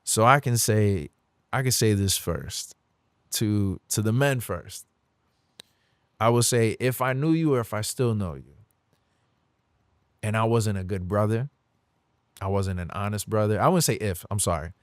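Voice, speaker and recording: A man's voice: fairly low pitch, dry recording, studio quality. A man speaking as a podcast guest in a candid faith conversation, earnest and confessional, at times emotional.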